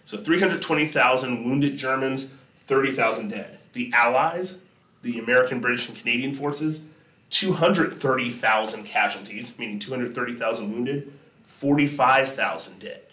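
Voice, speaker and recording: A man gives a history lesson over slides, chatty and informal, pausing often to check that his listeners follow. His voice is bright and forward. He sits back from the mic, and the room rings around him. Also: medium pitch. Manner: conversational, keeps checking in with listeners. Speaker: history teacher. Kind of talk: classroom lecture over slides. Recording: echoey room, distant mic.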